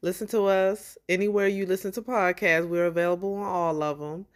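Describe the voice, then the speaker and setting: A woman co-hosting a podcast in casual chat, relaxed and chatty, with informal slang. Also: lowish voice, brisk. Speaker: podcast co-host.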